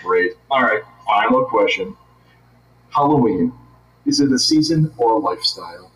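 A man hosting a casual interview, playful and quick to laugh. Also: on the low side, expressive, fairly bright tone, echoey room, distant mic, low-quality recording. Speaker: podcast host.

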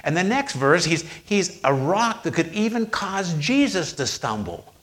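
A man preaching a sermon, retelling scripture with slow, emphatic pauses on quoted lines. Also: high voice, very animated, a bit bright.

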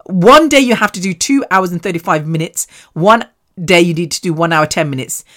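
A British woman hosts a solo podcast and talks straight to her listeners. Her voice sits on the low side for a woman. She rambles candidly, mocks herself and swears in passing. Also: a little fast, a bit bright. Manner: chatty, rambling and self-mocking, swears casually. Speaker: podcast host.

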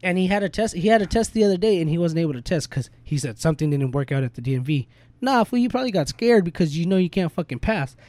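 A man's voice: fairly high pitch, lively intonation, fast talker, a little mellow. A young man in casual podcast chat, venting in a heated, profane, slangy way.

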